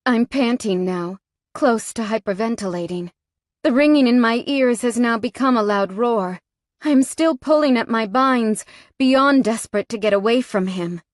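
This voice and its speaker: A woman's voice: fairly high pitch, moderate pace, no room sound. A woman narrating a first-person audiobook in a tense, frightened tone, recorded close on a studio mic.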